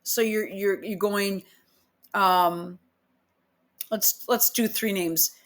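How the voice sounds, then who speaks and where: A woman's voice: medium pitch, fairly even intonation, very slow. A woman reading posts aloud and picking apart their grammar in an exasperated, incredulous casual rant. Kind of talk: casual ranting commentary.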